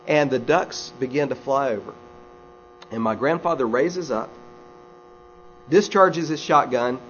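A man preaching a sermon, a folksy storyteller who drops conversational asides to his congregation. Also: mid-range voice. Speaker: pastor. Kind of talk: sermon with humorous stories. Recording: slightly dull recording with faint mains hum.

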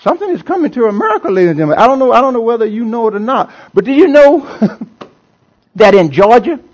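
A man's voice: very high voice, expressive, brisk, a little mellow. A male pastor preaching a sermon to a congregation in a church. He preaches with emphasis, repeats phrases, and chuckles often.

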